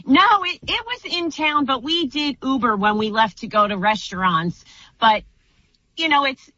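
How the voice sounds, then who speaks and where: A woman on a radio show recounting a trip in a matter-of-fact, unhurried way. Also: high voice, lively intonation, bright, forceful tone. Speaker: guest caller. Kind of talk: storytelling on radio. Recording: dull, dry line.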